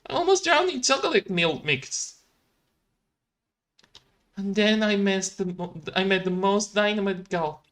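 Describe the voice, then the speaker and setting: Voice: medium pitch, animated, unhurried, pauses often, fairly bright tone. A streamer voicing a fussy, old-fashioned little handyman in a game cutscene, reading his lines in a prim, scolding way. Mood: aggrieved. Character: fussy cheerful little handyman, adult man.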